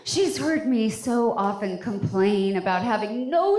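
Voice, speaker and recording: A woman's voice: on the high side, lively intonation, a little slow, darkish tone. Wry woman comic in an echoey room. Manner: wry, self-deprecating. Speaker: stand-up comedian. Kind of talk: live stand-up set. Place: comedy club stage.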